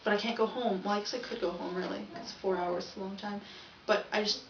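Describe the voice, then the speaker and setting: A young woman vlogger rambles chattily through a casual video diary, often correcting herself. Her mid-range voice has fairly even intonation and she talks fast. The mic is distant, giving an echoey, dull, off-mic sound with a little hiss or hum.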